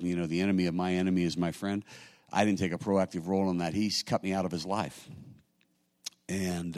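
A middle-aged man preaching a sermon as pastor, talking conversationally and building to loud, emphatic peaks. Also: low-pitched.

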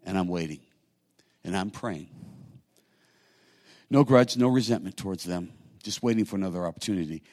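A middle-aged male pastor delivering a sermon in a fairly low voice. He talks to the congregation in an easy, conversational way, then climbs into loud, emphatic bursts to drive a point home. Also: moderate pace, long pauses. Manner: conversational preaching, swelling to loud emphatic peaks.

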